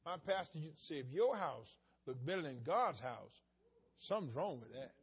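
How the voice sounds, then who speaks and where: A man in the pulpit with a fairly high, husky voice, preaching a sermon. He drops into soft, chatty asides, then climbs to loud, shouted emphasis. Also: expressive, normal speed. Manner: preaching with sudden shouted rises and quiet asides. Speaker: pastor.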